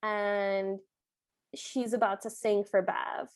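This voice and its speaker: A podcast co-host talks through a movie in a casual recap, chatty and reactive as she shares her own opinions. Her medium-pitched voice stays level in tone, and she speaks slowly.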